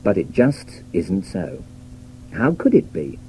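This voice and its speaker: A British man reading a scripted radio talk in a measured, wry, lecturing way, on an old broadcast recording. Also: low voice, huge pitch swings, mellow, slight background noise, poor audio. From Britain. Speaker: radio essayist. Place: radio studio.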